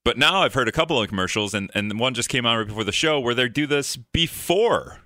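A man's voice: mid-range voice, lively intonation, brisk, pushed and bright, no echo, studio quality. A man hosting a call-in radio talk show, rambling in a joking way and acting out exasperated reactions.

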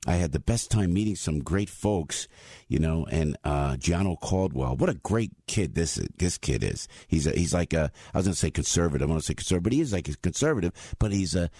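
A man in his sixties with a New Jersey accent, telling stories in an animated monologue as a talk show host. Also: deep voice, fairly quick, husky, no echo, studio quality. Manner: animated, acts out voices. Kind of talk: storytelling monologue.

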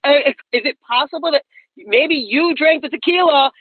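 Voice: sits high, moderate pace, no room sound. A customer service agent who sounds flustered and apologetic, stammering through a comedy phone call. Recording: tinny phone line.

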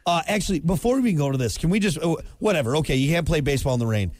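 A man co-hosting a morning radio sports segment, telling stories in a rambling, animated way. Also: a little high, very fast, no room sound. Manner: rambling, animated storytelling with impressions. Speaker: morning show sports co-host. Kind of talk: casual radio banter.

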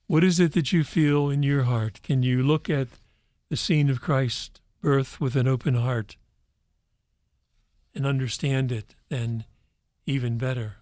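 A man reading a Christmas story aloud in a gentle, measured way. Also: mid-range voice, steady tone, dry recording, clean studio sound.

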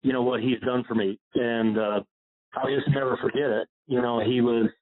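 A man's voice: mid-range voice, flat delivery, normal speed. A man from Pennsylvania, a golf instructor telling a long personal story in an interview, rambling with many fillers and getting choked up. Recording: phone-like line.

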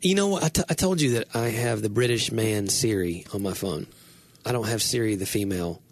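Husky man telling rambling stories. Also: fairly low pitch, brisk. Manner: rambling storyteller, many restarts and fillers. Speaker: podcast co-host. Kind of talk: casual chat.

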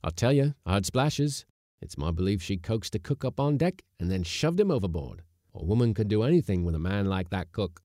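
A man voicing a stout, shaken male sailor in a storybook reading, loud and insistent. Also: fairly low pitch, big pitch swings, brisk, dry recording, clean studio sound.

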